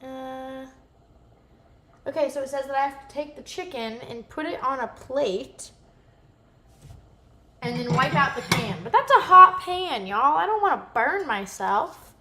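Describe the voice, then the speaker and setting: A woman's voice: high-pitched, animated, measured pace, pauses often, echoey room, noisy background. A goofy, rambling woman, chatting casually with viewers while cooking live in her home kitchen.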